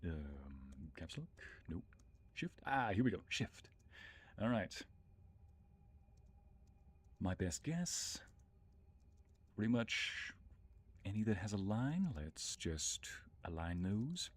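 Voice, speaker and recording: A young man with a low, husky voice streams a game. He chats easily with his viewers and talks himself through each step as he plays. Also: sing-song, slow, long pauses. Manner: chatty, greets viewers by name, thinks aloud. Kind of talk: casual let's-play commentary.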